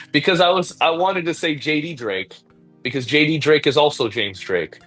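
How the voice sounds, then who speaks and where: A man's voice: a little high, normal speed, a bit bright, soft background music, rough recording. A man being interviewed as a pro wrestler, tired after training, rambling, laughing between thoughts and speaking from the heart. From Puerto Rico and United States. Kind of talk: casual interview answers.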